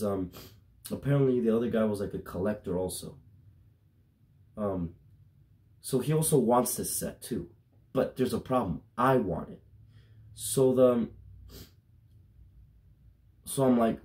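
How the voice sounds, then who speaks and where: A young man telling a rambling, profane story about buying toys, his voice raspy and his telling casual, getting loud and excited as it goes. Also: fairly low pitch, normal speed, pauses often. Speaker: toy collector vlogger.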